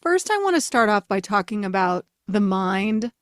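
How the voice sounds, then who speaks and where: A woman's voice: mid-range voice, normal speed, no echo, clean studio sound. A woman in her forties hosting a casual spiritual talk, telling a family story with frequent laughter. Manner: animated, laughs often while telling stories. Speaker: spiritual teacher, podcast host.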